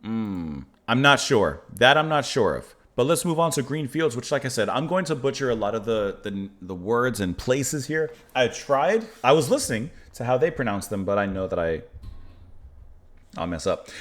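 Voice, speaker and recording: Lively-toned man hosting a music reaction. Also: mid-range voice. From United States. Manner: thoughtful, stumbles over unfamiliar place names; reads lyrics aloud slowly. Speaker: music reaction channel host. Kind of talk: casual reaction commentary.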